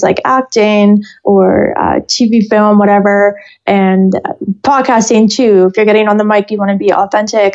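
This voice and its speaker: Earnest young female guest, medium pitch, slightly dull lo-fi recording. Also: a little mellow. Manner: earnest, flowing. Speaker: guest, singer-songwriter. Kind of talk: interview answer.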